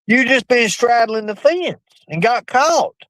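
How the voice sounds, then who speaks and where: A man streaming live, rambling and swearing. His pitch swings widely, leaping up suddenly before dropping back. The voice sounds dry and close, with no room echo. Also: lively intonation, measured pace, fairly bright tone. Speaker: livestream host. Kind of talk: profane rambling livestream chat.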